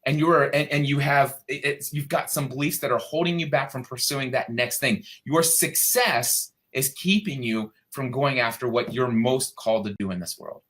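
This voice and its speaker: A man speaks as a guest on an online show. He sounds earnest and heartfelt, leaning into his words with emphasis. His voice sits at a middle pitch. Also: moderate pace, hardly any pauses, a bit bright. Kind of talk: promotional pitch and chat.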